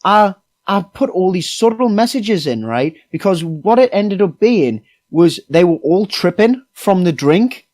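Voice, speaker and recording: A man's voice: sits high, animated, measured pace, hardly any pauses, a little mellow, poor audio. A young man on a casual podcast, rambling through a story of running a tabletop game, full of fillers and swearing. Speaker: podcast co-host, game master. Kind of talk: casual chat.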